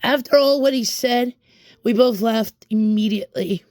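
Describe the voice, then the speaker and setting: A young woman talks straight to her viewers in a rambling storytime vlog, venting her frustration and tripping over restarts as she goes. Her voice sits fairly high. The sound is dry and close. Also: normal speed, darkish tone, dry recording. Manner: frustrated, restarts and repeats words while venting. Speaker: vlogger.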